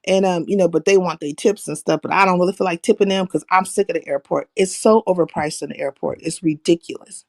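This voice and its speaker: A woman hosting a livestream, telling profane stories in a brash, animated, slangy way. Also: lowish voice, fast talker, creaky, few pauses, no echo. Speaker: livestream host. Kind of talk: casual profane storytelling chat.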